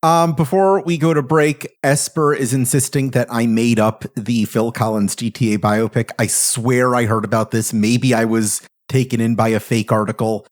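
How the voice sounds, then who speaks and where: A man's voice: medium pitch, moderate pace, hardly any pauses. A man hosting a casual podcast panel, joking around and poking fun at himself. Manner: jokey, self-deprecating, lively. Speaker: podcast host.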